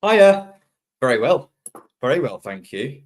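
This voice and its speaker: A man's voice: medium pitch, very animated, unhurried. A man, a regular pundit on a football podcast, friendly and enthusiastic, laughing easily. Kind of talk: casual football podcast chat.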